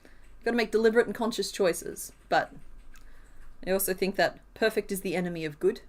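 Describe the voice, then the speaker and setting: A woman chats on a live stream as she crochets, talking through each stitch out loud. She wanders off into little tangents and laughs often, and her tone stays relaxed and easygoing throughout. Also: medium pitch, a little fast. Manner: chatty, thinks aloud, laughs often. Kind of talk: casual live-stream chat while crocheting.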